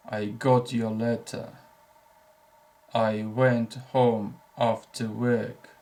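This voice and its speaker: A male English teacher, a native Russian speaker, reading short example sentences for learners slowly and deliberately, with clear breaks between sentences. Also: lowish voice, a little mellow.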